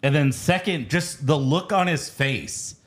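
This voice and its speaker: A man's voice: fairly high pitch, measured pace. A man co-hosting a casual podcast, joking around and swearing freely. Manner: animated, jokey, swears freely. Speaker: podcast co-host. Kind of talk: casual chat.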